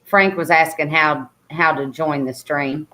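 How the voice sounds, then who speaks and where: A woman with a Southern American accent chats casually on a livestream, speaking over a video call. Her voice sits low for a woman, and she rambles, filling her talk with lots of ums and likes. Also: unhurried, bright, forceful tone. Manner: chatty, rambling with many fillers. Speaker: guest co-host on a livestream. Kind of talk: casual chat.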